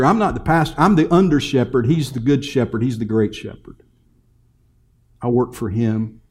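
A middle-aged man, a pastor, preaching a sermon and telling a funny family story, rising to loud emphatic lines and dropping to quiet asides. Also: mid-range voice. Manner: storytelling with humor.

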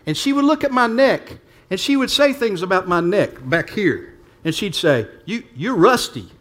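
A pastor preaching a sermon to his church, talking plainly and swinging between hushed asides and emphatic points. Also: high voice, lively intonation, moderate pace.

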